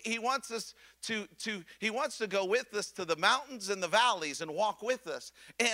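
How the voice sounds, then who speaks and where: A man preaching a sermon with passion, often repeating words as he builds momentum, rising to loud excitement and dropping to a hush. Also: high-pitched. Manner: impassioned, swings from loud excitement to hushed softness. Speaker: pastor.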